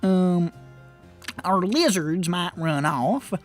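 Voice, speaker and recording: A woman's voice: lowish voice, lively intonation, very slow, faint music behind. A woman running a tabletop game as game master, casual and laughing often between lines.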